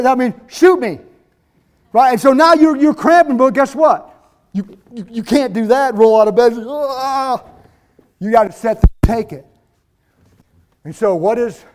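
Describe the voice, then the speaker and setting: A man preaching a sermon as pastor, fervent and emphatic. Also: extremely high pitch.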